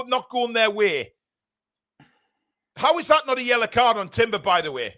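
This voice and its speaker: A man commentating live on a match for fans, excitable, shouting when play heats up and swearing in jokey banter. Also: very high-pitched, moderate pace, pauses often. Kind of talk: fan watchalong commentary.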